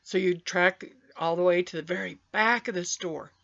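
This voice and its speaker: A woman telling a story on a vlog in an animated, playful way, stretching out repeated phrases, recorded on a webcam. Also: on the low side, muffled recording. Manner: animated, playful, drawn-out repetitions. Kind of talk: casual spoken storytelling.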